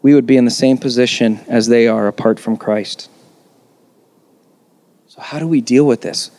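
A man's voice: medium pitch, normal speed, dark tone, dry recording. Emphatic male pastor preaching. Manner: conversational, emphatic, rhetorical questions. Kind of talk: sermon.

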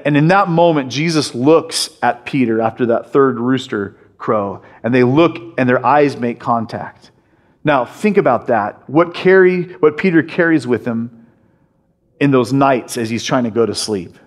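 A man preaching a sermon as a pastor, passionate and emphatic, often restarting his phrases as he pushes a point. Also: mid-range voice.

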